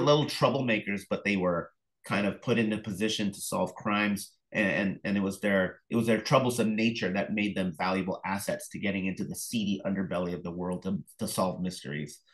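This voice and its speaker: Animated middle-aged man telling stories. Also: on the low side, low-quality recording. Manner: animated storyteller, acts out phone calls, many fillers. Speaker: author and illustrator, interview guest. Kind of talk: casual interview conversation.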